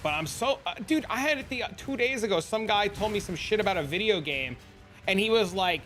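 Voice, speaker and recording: Guy streamer ranting at chat, swears a lot, bit higher voice, some music behind. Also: animated, quick pace, fairly bright tone. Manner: profane, blunt and heated. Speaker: game streamer. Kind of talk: casual live stream rant.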